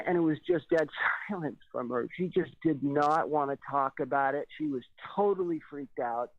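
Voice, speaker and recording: A man guest on a radio show, telling a personal story in an animated, slightly nervous way and acting out what people said. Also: on the high side, moderate pace, no room sound. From California. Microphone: phone. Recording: tinny phone line, dry.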